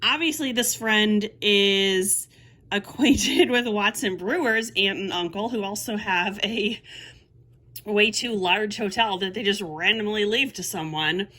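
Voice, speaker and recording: A woman's voice: medium pitch, a little slow, pushed and bright. A woman giving a casual book review, wry and sarcastic, laughing now and then as she talks.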